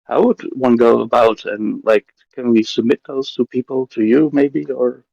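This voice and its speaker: Croaky man, just woken up. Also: medium pitch, steady tone, normal speed, darkish tone, dry recording, lo-fi sound. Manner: friendly, hesitant, laughs often. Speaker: fan asking questions. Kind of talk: casual chat.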